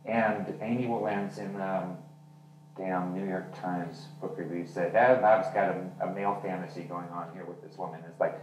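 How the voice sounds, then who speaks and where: A male author and journalist chatting candidly about his novel, acting out the dialogue as he tells the story. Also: on the low side. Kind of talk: casual talk about his novel at a reading. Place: literary venue hall. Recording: roomy hall from far off, faint noise.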